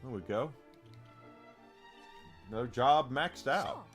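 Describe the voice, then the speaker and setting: A man's voice: mid-range voice, lively intonation, slow pace, a bit bright, faint music behind. A man streaming a game who rants casually to his chat, emphatic and profane, repeating phrases for stress.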